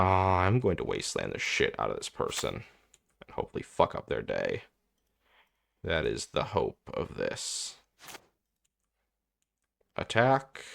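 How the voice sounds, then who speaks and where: A young man's low-pitched, gravelly voice carries this gameplay commentary on his own card game match. He's a content creator who thinks aloud while playing, swears, and gets frustrated.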